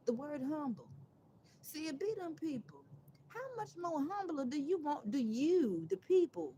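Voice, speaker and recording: A woman talking on a casual live stream, emphatic and sarcastic, rambling and restarting her phrases, with loud outbursts and quiet asides. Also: high voice, animated, measured pace, slight background noise, rough recording. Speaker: livestreamer.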